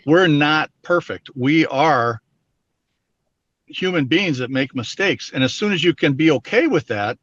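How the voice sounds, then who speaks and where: A man's voice: fairly high pitch, animated, a little slow, fairly bright tone, dry recording. A man being interviewed, talking earnestly and explaining his points through everyday examples. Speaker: interview guest. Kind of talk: candid personal interview talk. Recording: dull dry lo-fi sound.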